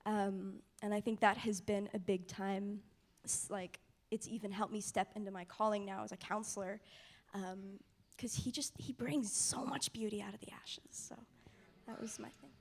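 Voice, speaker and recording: A young woman telling a personal faith testimony in a soft, casual way, often sinking to a near whisper. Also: mid-range voice, fairly even intonation, moderate pace. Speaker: mission trip participant sharing testimony.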